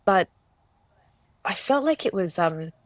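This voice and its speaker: An Australian woman, appearing as an interview guest, tells her personal story slowly and in an animated way with a medium-pitched voice. She's earnest and searching, often restarting and quoting herself, and the audio has no echo.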